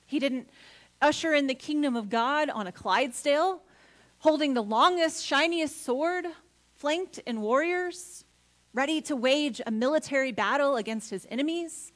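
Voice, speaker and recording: A woman pastor preaching a sermon in a church, earnest, building to emphatic points and then dropping soft. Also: high-pitched, moderate pace. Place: church sanctuary.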